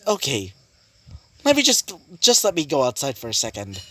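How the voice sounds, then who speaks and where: A man doing a deadpan female clan leader. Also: medium pitch, moderate pace. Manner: deadpan, flat.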